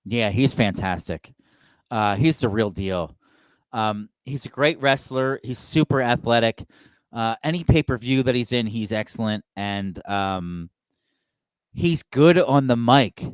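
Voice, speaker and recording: Chatty man with a smooth voice. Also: mid-range voice, measured pace, dry recording. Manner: chatty, laughing, acts out quoted voices. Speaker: podcast co-host. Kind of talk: casual chat.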